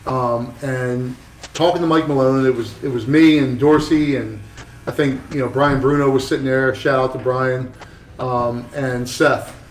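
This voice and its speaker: A man's voice: mid-range voice, fairly even intonation, a little slow, echoey room, far from the mic, a little hiss or hum, rough recording. A man, a tattoo artist, telling a long story in rambling, profane casual chat with many restarts.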